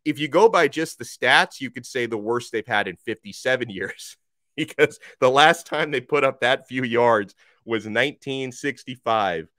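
In clean studio sound with no echo, this man hosting a sports podcast reads out listener tweets and responds in a frank, conversational way, often laughing. He has a mid-range voice that is pushed and bright, delivered at a moderate pace.

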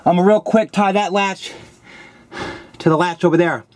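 A man's voice: high-pitched, fairly even intonation, moderate pace, a little mellow. A man vlogging a car audio demo outdoors, talking loosely and casually while he works, a little out of breath, on a handheld camera mic. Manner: loose, chatty, explaining while working. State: slightly out of breath. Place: outdoors by a car on a sunny street.

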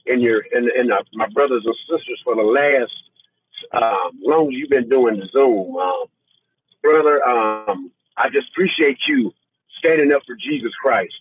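A man calling in to an online fellowship and giving an earnest, halting testimony, getting emotional and near tears. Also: mid-range voice, a little hiss or hum. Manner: earnest, halting, with many fillers and repeats. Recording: tinny phone line.

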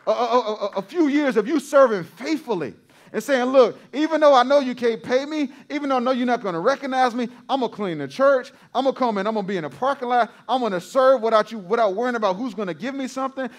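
A man's voice: very high voice, fast. A male pastor preaching a sermon to his congregation, repeating phrases for emphasis and calling out to the crowd.

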